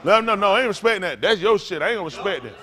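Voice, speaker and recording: A man's voice: high-pitched, expressive, rapid-fire, bright, forceful tone. A man preaching as a pastor in a blunt, profane, rambling informal sermon.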